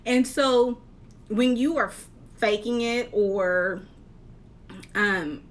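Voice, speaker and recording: A woman life coach giving an earnest, encouraging talk, posing rhetorical questions with measured, deliberate delivery. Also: a little high. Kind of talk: motivational talk to camera.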